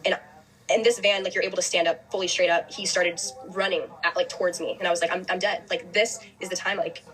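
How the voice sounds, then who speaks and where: A young woman hosting a podcast, telling a personal story quickly with lots of "like" and restarts. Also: on the low side, steady tone, fairly bright tone, poor audio. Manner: fast, heavy use of "like", restarts. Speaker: host.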